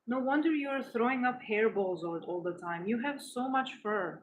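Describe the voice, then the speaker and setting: A woman's voice: medium pitch, expressive, normal speed, hardly any pauses, slight background noise, low-quality recording. A woman vlogging at home, chatting casually and cooing affectionately to her cat while she works. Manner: cooing, affectionate pet talk.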